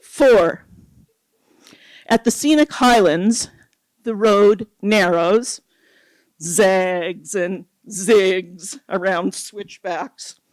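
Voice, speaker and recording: A poet from Nova Scotia, Canada, reading an original poem at an open mic, slow and measured, with pauses. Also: mid-range voice, no echo, low-quality recording. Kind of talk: poetry reading with spoken preamble.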